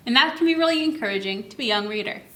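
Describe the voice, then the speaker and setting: Bright, cheerful young woman librarian. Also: on the high side, lively intonation. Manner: cheerful, demonstrates words slowly and clearly. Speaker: children's librarian. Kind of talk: instructional video for parents. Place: library room at a table. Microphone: camera mic.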